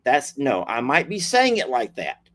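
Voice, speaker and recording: A man's voice: mid-range voice, wildly swooping pitch, unhurried, fairly bright tone. A man hosting a casual video, chatting playfully and repeating himself as he signs off. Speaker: host.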